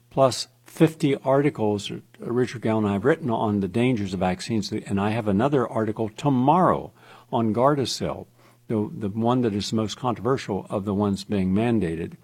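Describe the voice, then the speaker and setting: Emphatic, husky-voiced man hosting radio. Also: on the low side, a little mellow. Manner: emphatic, insistent delivery. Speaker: radio host. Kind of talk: talk radio monologue.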